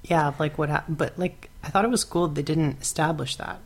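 She has a deep, husky voice and talks at a normal speed as a podcast co-host. It's casual, rambling chat, thick with fillers and restarts.

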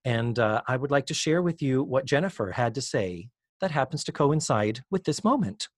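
A man's voice: mid-range voice, moderate pace, no room sound, studio quality. A man co-hosting a podcast, recapping an episode in casual chat and acting out the lines he quotes. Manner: animated, acts out quotes in raised voices. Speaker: podcast co-host.

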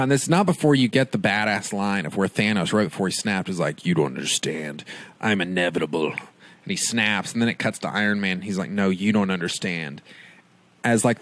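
A man casually retelling a film's plot as a reviewer, rambling and animated with lots of fillers. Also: mid-range voice, no room sound. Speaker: movie reviewer. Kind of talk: casual spoiler recap of a film.

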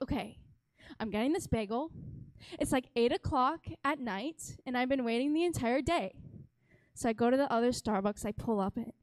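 A young woman with a bright, high voice addresses a church gathering with a comic, over-the-top story. She talks in a theatrical, animated way and plays up every setback for laughs. The sound is close and dry. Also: no echo. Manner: animated, dramatic, exaggerating for laughs. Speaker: worship leader giving a talk. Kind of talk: humorous storytelling talk to a congregation. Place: church stage.

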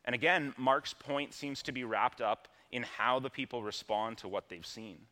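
A man's voice: mid-range voice, moderate pace, pushed and bright. A man preaching a sermon in a conversational, plain-spoken way, with casual asides. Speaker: pastor.

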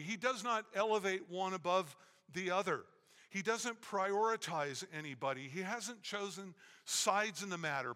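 A man preaching a sermon emphatically, acting out quoted lines and pausing for effect. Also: high-pitched, sharp tone. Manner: emphatic preaching with dramatic pauses. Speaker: pastor. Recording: echoey hall.

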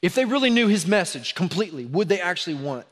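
A man preaching a sermon in a church, animated, acting out sarcastic asides before dropping to a hushed, intense tone. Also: high-pitched, fast talker. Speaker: pastor. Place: church sanctuary.

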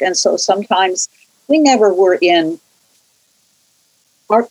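An older woman from California talks through her memories in a loose, meandering way. She circles back, restarts her sentences and wanders off on tangents, at an even, middling pitch. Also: low-quality recording. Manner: rambling, warm recollection with frequent restarts and tangents. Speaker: interviewee, church choir member. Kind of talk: casual conversational storytelling.

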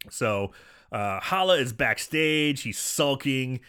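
A man in casual chat recapping a movie, profane and animated, acting out lines in exaggerated voices. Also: mid-range voice, clear, resonant tone. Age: young adult or middle-aged, a parent. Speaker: podcast co-host recapping a movie.

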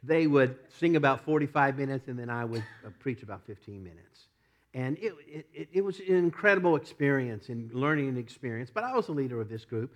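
A middle-aged man preaching a sermon, telling a personal story with lots of laughs, often repeating himself and rising from quiet asides to loud emphatic peaks. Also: medium pitch, expressive, brisk. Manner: repeats and restarts words. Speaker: pastor.

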